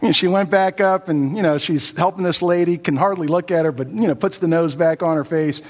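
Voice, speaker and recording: A male pastor delivers a sermon in a relaxed, folksy storytelling manner, scattering fillers through his sentences. His voice sits somewhat high for a man, and it rings with the long reverb of a church sanctuary. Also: a little fast. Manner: folksy storytelling with many "you know" fillers.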